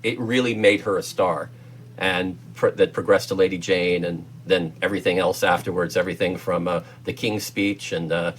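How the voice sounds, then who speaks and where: A man's voice: sits low, fairly even intonation, moderate pace, a little hiss or hum. A man with an American accent reviewing a film as co-host, enthusiastic and rambling with lots of fillers and restarts. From United States. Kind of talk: casual film review chat.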